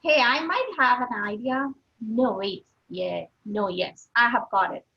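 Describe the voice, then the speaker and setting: A woman's voice: fairly high pitch, unhurried, vocal fry, husky, dull audio, full character voice. A woman reading the part of an eager playwright who is full of ideas.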